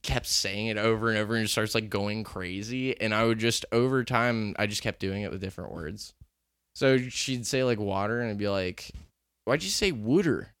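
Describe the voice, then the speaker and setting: A man whose voice is on the low side, fairly bright, clear and resonant co-hosts a podcast in casual chat. He tells a story loosely and ramblingly, full of fillers, and the studio-quality recording has no room sound.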